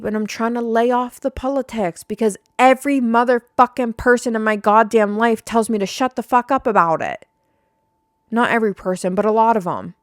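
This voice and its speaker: A woman's voice: on the high side, no echo. Young woman podcast host ranting, swears a lot, rambly, dry close sound. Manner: rambling, profane, fired-up. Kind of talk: casual rant to listeners.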